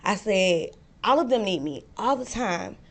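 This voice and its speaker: A woman in casual chat, a lively storyteller who laughs as she talks. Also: mid-range voice, measured pace. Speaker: panel discussion guest.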